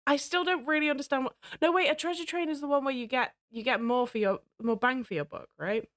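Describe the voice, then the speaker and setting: A woman streamer chatting casually to her viewers, excitable and giggly. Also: sits high, quick pace, no echo, clean studio sound. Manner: excitable, giggly, talks to chat. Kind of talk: casual live-stream chat.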